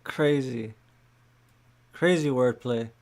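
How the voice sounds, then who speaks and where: A man with a mid-range voice chats through his reactions in a relaxed, casual way. He fills his talk with "like" as he weighs each round. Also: medium pitch, slow pace. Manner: relaxed, chatty, many "like" fillers. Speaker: reaction channel host. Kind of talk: casual commentary.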